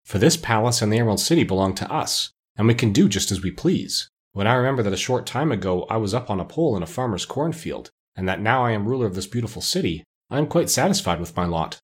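Storybook Scarecrow, calm and reflective, low husky tone, read by a man. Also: quick pace, hardly any pauses. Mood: thoughtful. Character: straw Scarecrow ruler, thoughtful, content. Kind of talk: audiobook character reading.

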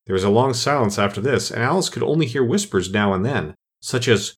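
A man narrating a children's story in an expressive storytelling manner. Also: medium pitch, brisk, hardly any pauses, breathy edge. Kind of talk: audiobook narration.

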